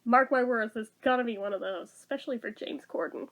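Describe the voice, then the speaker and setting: A woman's voice: a little high, a little fast, creaky, a bit bright. A woman giving a casual movie review, sarcastic and blunt, swearing freely.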